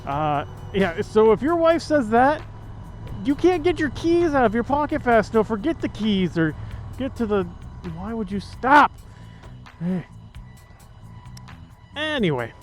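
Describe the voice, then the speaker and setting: A man's voice: very high-pitched, big pitch swings, a little slow, pauses often, faint music behind. A man chatting casually while riding a motorcycle outdoors, joking and rambling with lots of fillers, into a helmet mic. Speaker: motovlogger.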